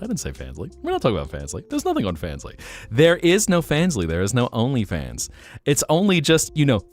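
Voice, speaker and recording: A man with a low voice chats with his stream in a playful, teasing manner, swinging his pitch up and down as he jokes and feigns innocence. Faint music plays softly behind him. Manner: playful, teasing, jumps between mock denial and joking. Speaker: VTuber streamer. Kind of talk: casual chat with live chat.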